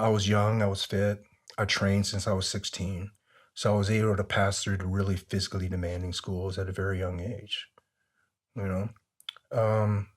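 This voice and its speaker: A man being interviewed, telling long relaxed stories with many fillers. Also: low-pitched. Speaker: interview guest, former soldier. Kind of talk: conversational interview storytelling.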